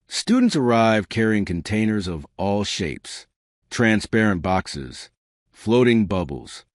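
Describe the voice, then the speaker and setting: A man narrating a science fiction story with steady, scripted delivery. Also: on the low side, no room sound, clean studio sound.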